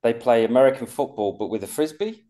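A man's voice: medium pitch, mellow. A man co-hosting a podcast in casual chat, often restarting his sentences. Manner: halting, restarts sentences, conversational. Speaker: podcast co-host.

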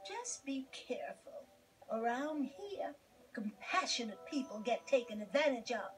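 A woman's voice: a little high, sing-song, unhurried, recorded from a distance, faint music behind. A bossy, sarcastic shopkeeper witch. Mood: sly. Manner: dry, scolding and sarcastic. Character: sharp, bossy female potion-shop keeper. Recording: game audio, voice set back.

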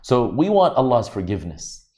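A man's voice: medium pitch, very animated, moderate pace, a little mellow. A man giving a religious lecture, explaining Arabic terms in an earnest teaching manner.

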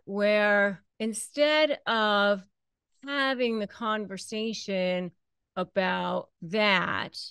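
A woman's voice: medium pitch, a bit bright, clear, resonant tone, no room sound. A woman hosting an advice talk, speaking conversationally and acting out bits of quoted dialogue. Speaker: host.

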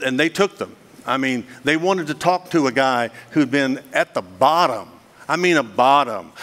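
A man's voice: on the high side, bright, forceful tone. A middle-aged man giving a guest sermon, telling his story earnestly and dramatically, with many rhetorical questions. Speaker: guest speaker. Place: church hall. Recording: long reverb of a hall.

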